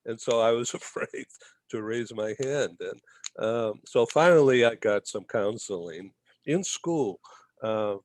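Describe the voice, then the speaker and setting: A man's voice: medium pitch, no echo. Guy from the boston area rambling through an old story, keeps saying okay?, dry close sound. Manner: rambling, tags lines with "okay?". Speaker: guest, magazine publisher. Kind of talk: casual storytelling.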